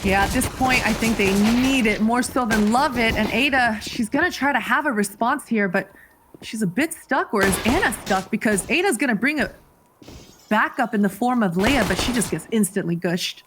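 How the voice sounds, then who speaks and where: A woman's voice: on the high side, expressive, moderate pace, music in the background. A woman co-casting a live esports match, breaking down the play in a chatty, analytical way and laughing easily. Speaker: esports co-caster. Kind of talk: live colour commentary.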